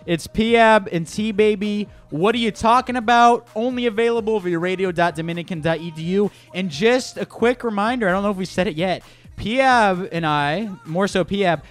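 A man's voice: moderate pace, faint music behind. Joking young man co-hosting college radio. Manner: joking, animated, trails off low. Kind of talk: casual radio banter.

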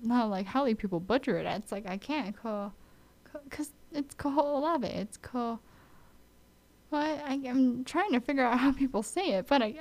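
A young woman from Oahu with a Hawaiian accent, chatting casually to camera in an animated, mock-exasperated way. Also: on the high side. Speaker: vlogger. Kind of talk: casual chat.

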